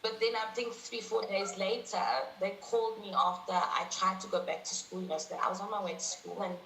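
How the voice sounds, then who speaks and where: A woman's voice: mid-range voice, fairly even intonation, brisk, fairly bright tone, a little hiss or hum. A young woman in her twenties telling a personal story as an interview guest, acting out dialogue and laughing often. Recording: echoey room.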